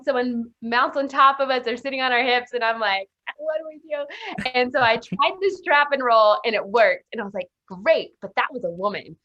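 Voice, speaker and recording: Lively woman, laughing storyteller. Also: fairly high pitch. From Arkansas, US. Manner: animated, laughs often, acts out quotes. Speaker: guest, self-defense instructor. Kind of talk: casual interview storytelling. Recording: dull lo-fi sound.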